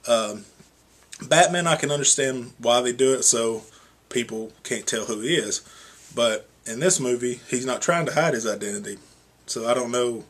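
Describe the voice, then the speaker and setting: A man's voice: medium pitch, moderate pace, a bit bright, slightly rough. A young man giving a casual, rambling movie review, full of "you know" and "um". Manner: rambling, filler-heavy, with many "you know" and "um".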